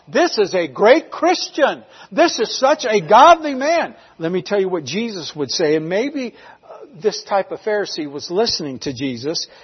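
A pastor from North Carolina, preaching a sermon emphatically, rising to loud declarations and dropping to hushed lines. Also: male voice, fairly high pitch, husky, long reverb tail. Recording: slightly dull lo-fi recording.

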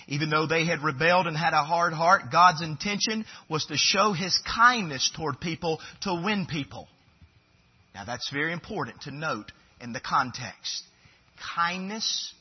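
Pastor guy preaching, highish husky voice, gets loud then drops way quiet, kinda muffled lo-fi recording. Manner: swings from loud emphatic preaching to quiet low asides. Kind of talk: sermon.

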